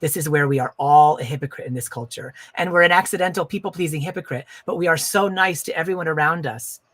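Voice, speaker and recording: A man's voice: fairly high pitch, fast talker, fairly bright tone. A man hosting a wellness podcast, talking in an earnest, emphatic coaching way and repeating his key phrases.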